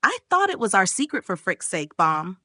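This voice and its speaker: A woman's voice: mid-range voice, huge pitch swings, moderate pace, bright, forceful tone, no room sound, clean studio sound, heavily acted. A woman voicing a nervous young man who gets flustered and exasperated. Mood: panicked.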